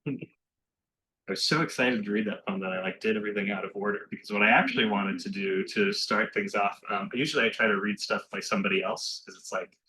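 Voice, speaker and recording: A man giving a poetry reading in a bookshop, chatting loosely between poems and reading them slowly and carefully. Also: on the low side, fairly even intonation, bright, forceful tone, slight background noise, poor audio. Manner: chatty and self-deprecating between poems, slow and measured when reading. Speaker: poet reading his work. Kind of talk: poetry reading with casual asides. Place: bookshop reading room with a live audience.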